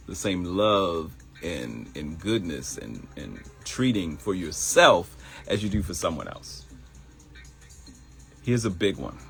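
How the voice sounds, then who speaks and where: A man's voice: deep voice, vocal fry. A man hosting a live morning talk stream, speaking in a motivational way, repeating phrases and laughing at his own jokes. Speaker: host of a live morning show.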